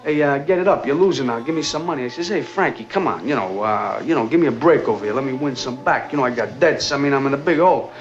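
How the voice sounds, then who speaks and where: An actor playing a rambling young New hustler. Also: male voice, mid-range voice, close to an everyday voice. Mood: rambling excuses. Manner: rambling, fast, full of excuses and fillers. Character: reckless young male street hustler, rambling, evasive. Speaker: film character. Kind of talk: 1970s film dialogue. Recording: dull 1970s film soundtrack with faint music.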